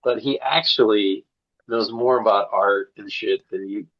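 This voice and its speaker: A man's voice: fairly low pitch, unhurried, highs cut off. A man from St. Louis, a comedian guest on a podcast, telling profane stories with punchy asides. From St. Louis, USA. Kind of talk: casual podcast chat.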